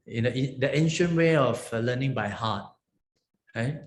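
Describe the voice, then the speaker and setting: Monk teaching Pali in a roomy space. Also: male voice, mid-range voice, moderate pace, slight background noise. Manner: explains step by step, checks in with "okay? right? huh?". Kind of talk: online language lesson. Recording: roomy echo.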